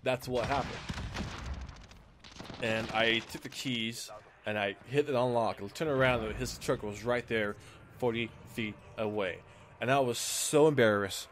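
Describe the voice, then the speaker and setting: A man's voice: medium pitch, normal speed, slight background noise. A man casually telling a personal story to his viewers, acting out what people said and using lots of fillers. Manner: animated retelling, acts out quoted lines, frequent fillers.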